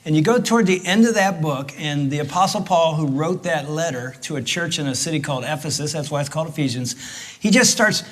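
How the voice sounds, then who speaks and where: Man, middle-aged, pastor, joking storyteller, fairly high voice. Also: brisk. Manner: animated storyteller, jokey, big swings in volume. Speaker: pastor teaching on marriage. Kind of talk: sermon-style marriage teaching with his wife.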